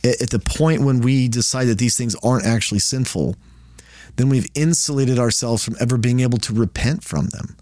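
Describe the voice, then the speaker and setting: A man's voice: medium pitch, brisk, a little mellow, no echo. A man giving a casual Bible study, talking conversationally and often checking in with "right?". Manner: conversational, frequent "right?" and restarts.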